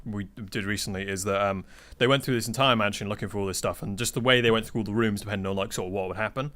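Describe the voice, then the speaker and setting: A man's voice: lowish voice, fast talker, a bit bright. A man on a podcast as a guest, telling game-master anecdotes in casual chat, acting out quotes and swearing freely.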